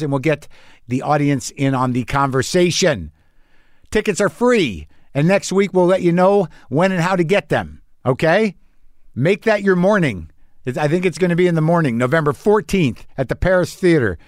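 A middle-aged man hosting a podcast, in a rambling, wry monologue with halting restarts. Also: a little high, no room sound, clean studio sound. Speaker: podcast host. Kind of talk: casual monologue.

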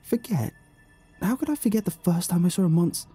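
A man's voice: high voice, animated, brisk, warm tone, husky, soft background music, voice pushed up, full character voice. A man voicing a frightened young boy who is shaken and haunted. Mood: distraught.

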